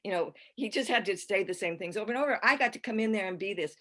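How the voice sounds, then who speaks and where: An older actress, a guest on a podcast, chatting casually and rambling warmly through her stories with restarts and easy laughter. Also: mid-range voice, fast. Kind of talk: casual podcast interview chat.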